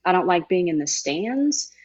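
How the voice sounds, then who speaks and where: A woman's voice: on the low side, sing-song, normal speed, darkish tone, muffled recording. A woman guest in an interview, telling an emotional story with emphatic, heartfelt delivery. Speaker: guest, former sideline reporter. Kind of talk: conversational interview.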